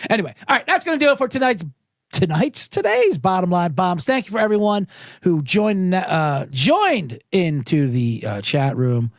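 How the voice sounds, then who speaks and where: A high-pitched man with wide pitch swings, speaking at a normal pace and recorded with studio quality and no room sound. He hosts a casual sports betting podcast in a livestream-chat style, rambling, swearing, and often cutting himself off mid-sentence.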